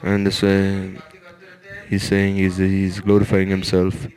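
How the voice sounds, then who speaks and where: A man with a very deep voice delivers a religious lecture, retelling a sacred story. He speaks in an even, flat tone, moving slowly and repeating or restarting his phrases as he goes. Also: poor audio.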